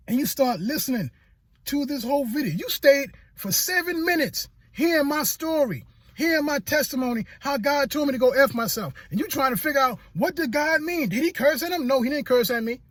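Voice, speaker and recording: A man's voice: extremely high pitch, no echo. A motivational speaker sharing a personal testimony in an earnest, repetitive way, stammering when he gets emotional. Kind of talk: personal testimony talk to camera.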